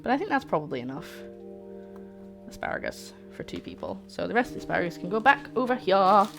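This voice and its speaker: A British woman hosts a live cooking stream, chatting casually with her viewers and poking fun at herself as she cooks. Her mid-range voice is very animated and fast with vocal fry, and faint music plays behind her.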